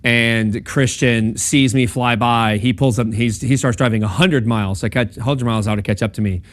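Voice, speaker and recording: Lecturing on logic in a relaxed classroom setting, this young man from a campus ministry keeps things conversational, filling his speech with ums and okays and regularly checking in with the audience. He speaks at normal speed, with medium pitch and fairly even intonation.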